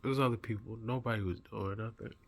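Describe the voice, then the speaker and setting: Husky man retelling a dream. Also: lowish voice, a little fast. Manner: earnest, animated retelling with acted-out quotes. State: just woken up. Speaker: vlogger. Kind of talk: recounting a dream.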